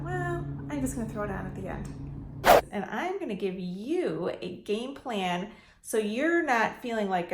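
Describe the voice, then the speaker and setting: A woman from the Detroit area, United States, with a fairly high voice gives casual advice in a talking-head vlog as a landlord and real estate investor. She's chatty and animated, acting out phone calls in quoted voices, and the room is echoey.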